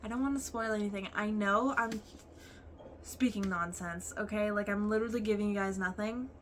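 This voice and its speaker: A woman's voice: mid-range voice, fairly quick, a little hiss or hum. A young woman chatting casually about books she read, gushing and talkative with lots of fillers. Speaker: book vlogger. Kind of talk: casual book review chat.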